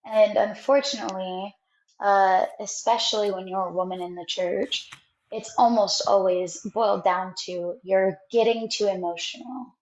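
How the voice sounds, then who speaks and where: A woman chatting as a guest on a call-in show, measured and laughing easily. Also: mid-range voice, steady tone, darkish tone. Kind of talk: casual chat. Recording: dull, echoey call audio.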